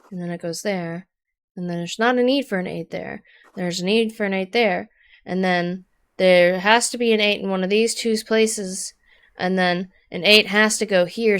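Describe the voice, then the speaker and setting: A woman's voice: on the low side, fairly bright tone, clear, resonant tone. A woman streaming a game, thinking aloud as she works through a puzzle, muttering and exasperated. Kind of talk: live game commentary. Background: background music.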